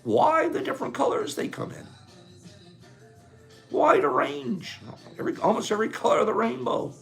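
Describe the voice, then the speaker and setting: A man's voice: extremely high pitch, sing-song, normal speed, vocal fry, pauses often, faint music behind. A man reading a book aloud and breaking into emotional commentary, getting carried away, laughing often and talking to his listeners. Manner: gushing, gets carried away, near tears. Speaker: book reader.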